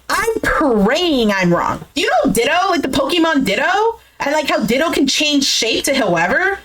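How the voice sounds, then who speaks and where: Animated high-voiced woman recapping a show. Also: low-quality recording. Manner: animated, exasperated commentary with frequent "like". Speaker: reality show recap streamer. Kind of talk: casual opinionated recap.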